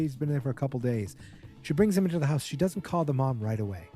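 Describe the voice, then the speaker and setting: A man's voice: medium pitch, lively intonation, fast, warm tone, soft background music. A man hosting a podcast, casually recapping a TV episode in a chatty, wry way and mimicking the characters' lines. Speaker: podcast host.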